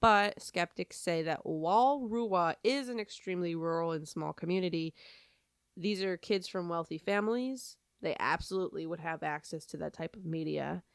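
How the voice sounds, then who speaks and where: Chatty lower-voiced woman podcast host. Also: normal speed, clear, resonant tone, no room sound, clean studio sound. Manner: chatty, self-deprecating, lots of fillers. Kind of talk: casual storytelling podcast.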